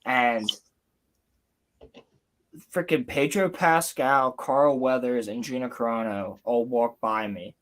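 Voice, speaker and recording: A young man hosting a livestream from home, telling a story in an excited, rambling way with casual swearing. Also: mid-range voice, takes it slowly, long pauses. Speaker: livestream host. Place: home, building Lego on stream.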